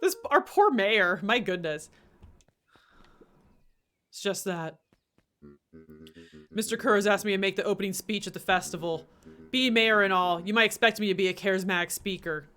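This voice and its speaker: A woman voicing a nervous, hesitant middle-aged town mayor in a lowered voice. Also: moderate pace, long pauses, fairly bright tone, faint music behind, close to an everyday voice. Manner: hesitant, fretful.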